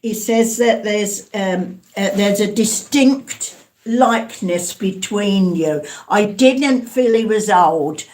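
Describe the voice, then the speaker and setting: A woman's voice: medium pitch, takes it slowly, darkish tone. A woman giving a live spirit mediumship reading, hesitant and calling her listeners darling and sweetheart.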